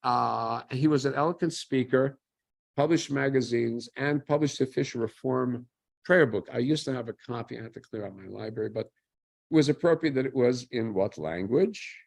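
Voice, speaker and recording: Man with a gravelly, husky voice. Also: mid-range voice, normal speed, a little mellow. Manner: conversational, asks rhetorical questions and answers them himself. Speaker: lecturer on Jewish history. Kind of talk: informal history lecture.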